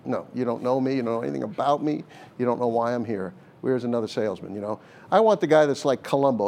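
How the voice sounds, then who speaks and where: An older man speaks in a steady, mid-pitched voice as a guest in a conversational interview. He tells stories earnestly, often restarting phrases as he thinks, with an occasional laugh. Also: fast talker, gravelly, a little hiss or hum. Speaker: former hostage negotiator, guest.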